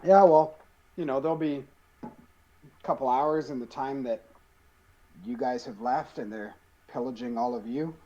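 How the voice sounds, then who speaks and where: Guy at a tabletop game, chill and sarcastic, middle pitch. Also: normal speed, pauses often, warm tone, muffled recording. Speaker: player. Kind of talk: casual role-play as a player character.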